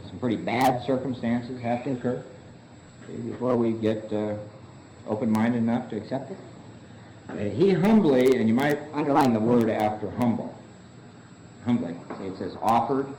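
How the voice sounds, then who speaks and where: A man's voice: medium pitch, dark tone, a little hiss or hum. A man leading a recovery book study in a meeting room. He asks the group question after question, answers them himself, and keeps saying "see.". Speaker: study leader. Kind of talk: Big Book study lecture. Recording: echoey room recording.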